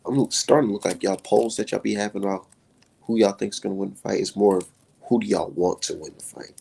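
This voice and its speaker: A low-pitched man with a gravelly, husky voice rants on his live stream. He swears constantly and his pitch leaps up when he gets worked up, then drops back down into a rough mutter. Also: fairly even intonation, brisk, warm tone. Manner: heated, profane, swinging pitch. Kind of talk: profane live-stream rant.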